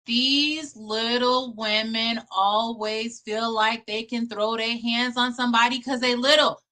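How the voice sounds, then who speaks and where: A woman's voice: fairly high pitch, fairly even intonation, measured pace, sharp tone. A woman in her thirties doing casual commentary, brash, profane and emphatic.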